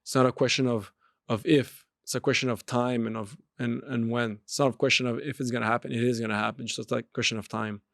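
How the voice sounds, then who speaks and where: A man at a medium pitch delivers a motivational monologue on his podcast, driving points home through repetition. His voice sounds dry and close, with no room echo around it. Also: steady tone, fast, creaky, a bit bright. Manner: emphatic, repeats phrases and restarts. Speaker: podcast host and street pastor.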